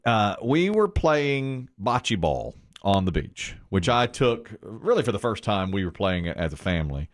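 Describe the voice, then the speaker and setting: A middle-aged man co-hosting a morning radio show, telling a family story with lively laughter. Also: on the low side, unhurried, few pauses. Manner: animated storytelling, laughing at his own story. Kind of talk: casual morning show chat.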